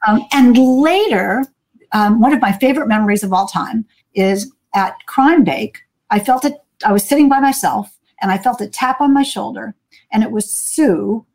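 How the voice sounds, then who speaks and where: A woman, a guest author, telling a story in a casual chat with lively delivery that acts out the voices she quotes, recorded over a video call. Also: on the high side, normal speed.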